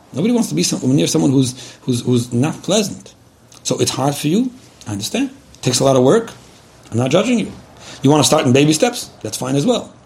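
Fast-talking gravelly man lecturing. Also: medium pitch, a little mellow. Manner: direct, repetitive, frank. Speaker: religious lecturer giving a shiur. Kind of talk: earnest spoken advice lecture.

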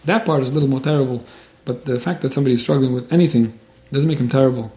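A man gives religious advice in a casual, earnest way, repeating and restarting his words as he goes. His voice is mellow and he talks quickly. The recording carries a roomy echo. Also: medium pitch.

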